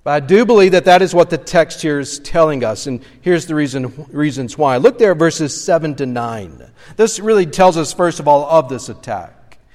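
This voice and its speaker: A man's voice: a little high, lively intonation, normal speed, darkish tone. A man preaching a sermon as pastor, earnestly retelling scripture scenes in expository style. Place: church sanctuary. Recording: long church reverb.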